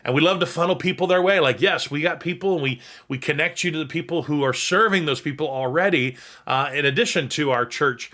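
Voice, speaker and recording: A man who is a pastor, teaching on scripture in a reflective way, reading verses slowly and repeating his key points. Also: fairly high pitch, bright, forceful tone. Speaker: pastor and host. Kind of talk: sermon-style teaching on scripture.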